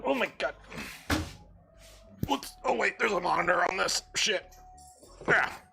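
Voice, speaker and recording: A man's voice: high-pitched, a little slow, gravelly, music in the background. A man from Canada hosting a casual livestream, rambling and joking with lots of fillers while he builds. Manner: rambling and jokey, with many fillers and restarts. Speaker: livestream host.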